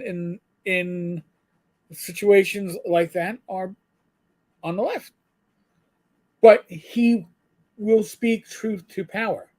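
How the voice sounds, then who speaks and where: A man's voice: high-pitched, darkish tone. A middle-aged man co-hosting a live show, chatting casually in a rambling way, full of stammered restarts. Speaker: co-host.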